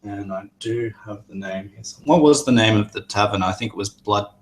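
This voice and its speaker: Low-voiced man narrating as game master. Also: normal speed. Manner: hesitant, many fillers and restarts.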